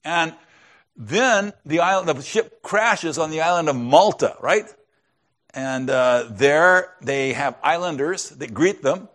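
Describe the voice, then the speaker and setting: A man preaching a sermon in a conversational storytelling way, often dropping to a hushed tone to drive a point home. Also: fairly high pitch, animated, slow pace. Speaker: pastor.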